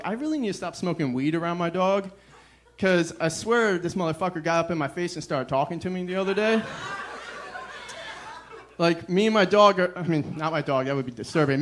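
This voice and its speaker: Young man, stand-up comedy, deadpan, self-deprecating, sighing between jokes, faint noise. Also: fairly high pitch.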